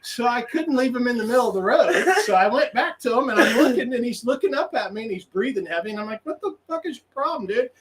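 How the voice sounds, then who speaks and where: This podcast guest talks very fast with few pauses in a very high-pitched voice, captured on poor audio. His casual story wanders, full of restarts and quoted self-talk, and he laughs animatedly as he reenacts his own words.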